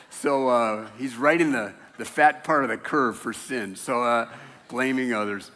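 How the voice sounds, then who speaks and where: Older male pastor, bright voice, chatty storyteller who laughs at his own jokes; church hall echo. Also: medium pitch, a little slow. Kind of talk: casual conversational sermon. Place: church sanctuary.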